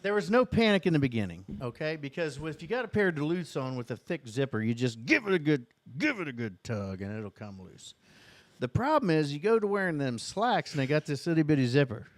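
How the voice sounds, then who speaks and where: A man's voice: on the high side, sing-song, brisk, no room sound. A man with a Southern Indiana accent, telling a long comic story on a podcast, cursing freely. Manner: profane rambling storyteller. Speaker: podcast co-host. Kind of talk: casual storytelling.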